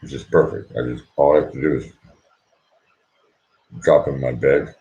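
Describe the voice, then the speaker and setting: A sleepy man hosting a late-night livestream, talking quietly and rambling so he won't wake anyone at home. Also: a bass voice, fairly even intonation, normal speed, highs cut off. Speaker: livestream host.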